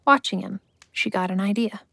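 A woman giving scripted story narration in a steady, measured way. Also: medium pitch, vocal fry, husky, dry recording, studio quality.

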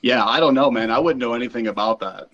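A man's voice: medium pitch, fast, fairly bright tone, muffled recording. A man guesting on a podcast, laid-back and making fun of himself. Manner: laid-back, self-mocking. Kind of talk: casual interview chat.

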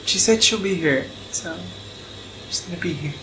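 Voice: mid-range voice, moderate pace, a bit bright, a little hiss or hum, low-quality recording. A player at a tabletop game who chats casually and gives short, matter-of-fact replies.

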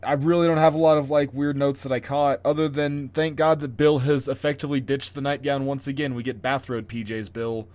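A man's voice: medium pitch, flat delivery, a little fast, hardly any pauses, darkish tone. A man co-hosting a casual podcast, sarcastic and swearing freely. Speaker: podcast co-host. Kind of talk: casual chat.

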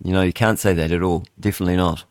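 Older Kiwi man hosting talk radio, fairly low voice, dry studio sound, rambles and thinks aloud. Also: steady tone, rapid-fire, dry recording. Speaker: radio host. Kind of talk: casual radio chat, reading headlines aloud.

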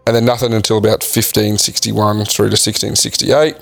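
A man co-hosting a casual podcast, reading facts from a list in a halting way with frequent ums. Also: lowish voice, level tone, vocal fry, faint music behind. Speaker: podcast co-host. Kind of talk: casual chat.

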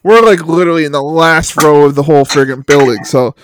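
A man's voice: a little high, brisk, background noise. A man co-hosting a podcast, rambling in a casual chat and swearing.

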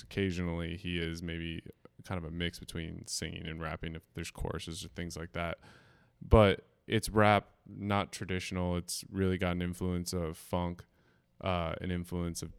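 A young man in his twenties with a very deep, gravelly yet smooth voice speaks in an earnest, explaining way. His recording is dry and close, with no room sound. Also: dry recording. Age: 20s. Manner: earnest, explains at length with "uh" fillers. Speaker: musician guest. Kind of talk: casual interview.

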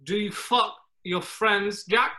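A man's voice: high voice, exaggerated voice. A man voicing a menacing male raccoon loan shark with a Cockney accent in a comedy sketch read over a video call, talking in clipped broken grammar. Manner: slow, quietly threatening, clipped broken grammar.

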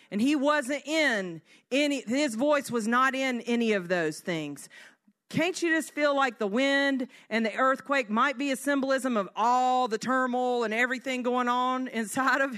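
A woman giving a devotional teaching in an earnest way, reading scripture slowly and at times dropping to a soft hush. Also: sits high. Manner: earnest, slows down to read scripture. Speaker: speaker.

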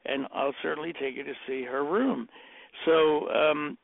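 An older man, a decorator telling rambling, animated anecdotes and acting out the quotes in a casual chat. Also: on the high side, measured pace, gravelly, no echo. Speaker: interior decorator guest. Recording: dry tinny phone-like audio.

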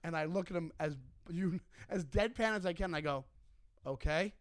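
A man's voice: sits high, a little fast, no room sound, studio quality. A man co-hosting a podcast, telling a story casually and animatedly, swearing freely. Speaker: podcast co-host, comedian.

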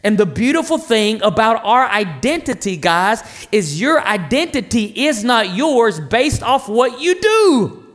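A man in his thirties preaches with a voice pitched very high for a man. His delivery is lively, with the pitch swinging widely. He pleads and asks the congregation questions. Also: measured pace, big-room sound. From North Carolina, USA. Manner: passionate, animated preaching with rhetorical questions to the crowd. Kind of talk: sermon.

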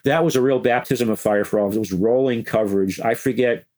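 An older man telling animated, chuckling stories as an interview guest, slipping into quoted voices. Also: medium pitch, fast talker. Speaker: interview guest, former music news editor. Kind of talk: anecdotal interview storytelling.

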